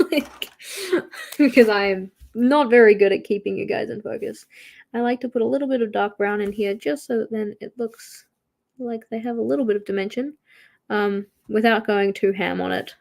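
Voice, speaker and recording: A woman's voice: mid-range voice, gravelly. Giggly Australian woman chatting on a livestream. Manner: chatty and giggly, reads out viewer comments and talks to herself. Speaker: livestream host. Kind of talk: casual livestream chat while drawing.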